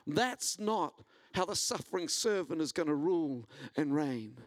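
A man preaching a sermon, telling a personal story and building to an animated delivery. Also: unhurried, no echo. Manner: storytelling, rising in pitch and intensity when preaching. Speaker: pastor.

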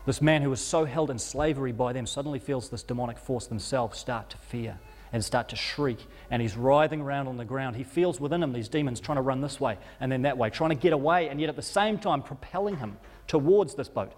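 A man's voice: medium pitch, fast, hardly any pauses, a little mellow, long reverb tail. A male preacher telling a story as a sermon, vivid and dramatic, rising and falling in intensity with occasional stumbles. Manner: vivid retelling that rises and falls in intensity, with stumbles.

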